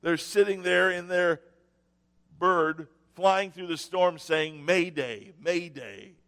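A man preaching a sermon, telling stories with sarcastic mock cheer and dramatic pauses. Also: high-pitched, flat delivery, a bit bright, smooth, long reverb tail. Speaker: pastor. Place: church sanctuary.

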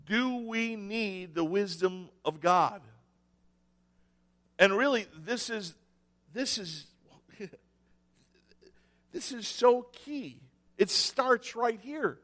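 A man preaching a sermon, telling stories with sarcastic mock cheer and dramatic pauses. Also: high-pitched, expressive, a bit bright, in a large hall. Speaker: pastor. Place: church sanctuary.

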